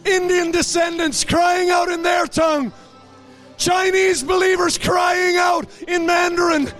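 High-pitched shouting prayer leader, a man. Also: little pitch movement, a little slow. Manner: impassioned, shouted pleading. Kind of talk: fervent intercessory prayer. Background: faint music.

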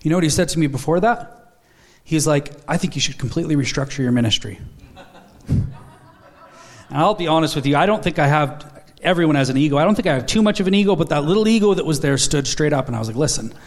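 A man's voice: on the high side, animated, fast talker. Earnest man preaching a sermon. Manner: storytelling, earnest, quotes dialogue in his stories.

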